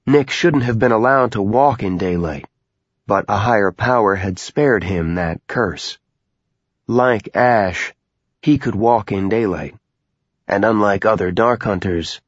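Low, somber male audiobook narrator. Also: no echo, dull audio.

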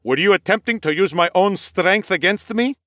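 In an audiobook, a man voices a cheerful male noble warrior who loves battle, delivering the lines in a formal, eager, courtly manner. He pitches above his own voice, landing high and fairly bright at normal speed, with clean studio sound and no echo.

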